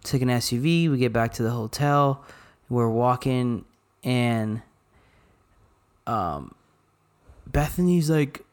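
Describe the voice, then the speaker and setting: A man's voice: medium pitch, slow pace, long pauses. Man from Arizona telling a wild story. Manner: animated retelling with lots of quoted dialogue and swearing. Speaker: podcast co-host. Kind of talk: casual storytelling chat.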